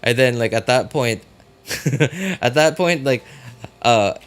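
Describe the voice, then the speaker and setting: A man's voice: mid-range voice, takes it slowly, clear, resonant tone. A young man chatting casually with viewers while streaming a game, rambling with lots of fillers. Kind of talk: casual live-stream chat.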